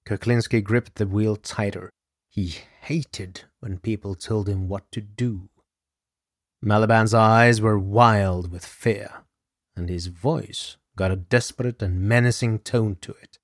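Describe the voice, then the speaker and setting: A man's voice: fairly low pitch, steady tone, takes it slowly, no echo, clean studio sound. A man narrating a scripted true-crime story in a dramatic manner, speaking straight to the listener. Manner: addresses the listener directly, dramatic. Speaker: podcast narrator.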